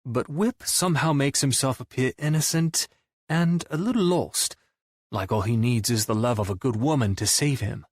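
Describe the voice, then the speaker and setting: A man narrating a first-person audiobook in a wry, deadpan manner. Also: medium pitch, moderate pace, no echo, clean studio sound.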